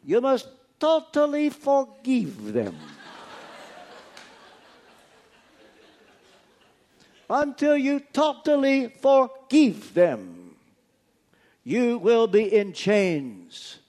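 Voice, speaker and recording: A man quoting an older male friend in a sermon, slow, firm and insistent. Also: high-pitched, sing-song, a little mellow, pitched above the performer's own voice, heavily acted.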